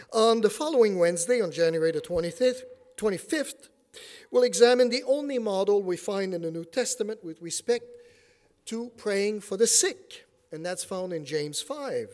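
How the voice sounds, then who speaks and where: A middle-aged male preacher with a Quebec French accent and a fairly high voice. He preaches in a loose, joking way, full of "uh"s, and drops his voice low and soft for the heavy moments. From Quebec City, Canada. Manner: self-deprecating jokes, many fillers, drops to quiet for serious points. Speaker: preacher and theology teacher. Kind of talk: sermon with personal story.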